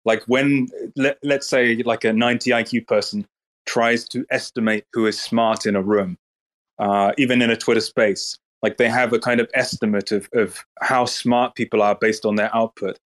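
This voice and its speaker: A man's voice: medium pitch, steady tone, moderate pace, fairly bright tone. A man in a casual online voice chat, talking bluntly and swearing freely in a mocking way. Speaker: Twitter space speaker.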